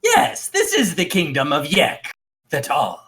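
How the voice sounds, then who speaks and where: A man's voice: on the high side, huge pitch swings, a bit bright, exaggerated voice. Yek, a man voicing a pompous goblin king. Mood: grand. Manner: slow and grandiose. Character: pompous goblin king, self-proclaimed tall.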